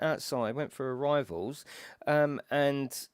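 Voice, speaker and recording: A man's voice: fairly low pitch, moderate pace, no room sound, clean studio sound. A man with a gaming channel, telling a story to camera in a casual, rambling way and swearing freely. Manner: swears freely, tells a story about frantic travel trouble.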